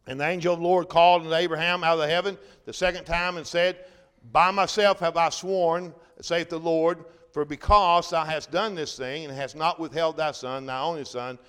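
High-voiced preacher man in a reverberant hall. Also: clean tone. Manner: reads King James scripture aloud with brief comments, swells loud then drops to a hush. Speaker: pastor. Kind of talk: sermon with scripture reading.

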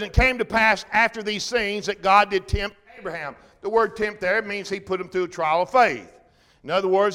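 A man preaching in a smooth, high voice, reading old scripture aloud and stopping to explain it. He swells loud on the verses and sinks to a near hush on the solemn points. His voice rings through a large hall with a long echo. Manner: reads King James scripture aloud with brief comments, swells loud then drops to a hush. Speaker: pastor.

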